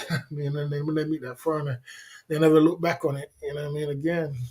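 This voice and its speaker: A man talks casually to his livestream chat, his voice sitting a little high for a man. He drawls through slangy asides and laughs between his points. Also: little pitch movement, fast, darkish tone. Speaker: livestream host.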